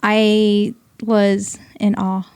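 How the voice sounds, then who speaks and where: A woman's voice: medium pitch, little pitch movement, very slow, darkish tone, smooth. A woman appearing as a podcast guest, chatting casually in a blunt, enthusiastic way. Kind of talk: casual chat.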